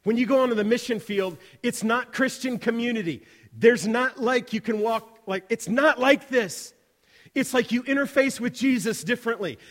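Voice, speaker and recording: A man telling a mission story in a sermon, animated and acting out the voices of the people he quotes. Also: very high-pitched. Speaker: missions speaker. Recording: long reverb of a large hall.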